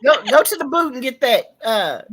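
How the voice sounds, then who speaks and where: A woman in a casual live chat, animated and repeating herself as she tells a story. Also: high-pitched, normal speed, very noisy. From Caribbean or abroad, moved to the US at 13.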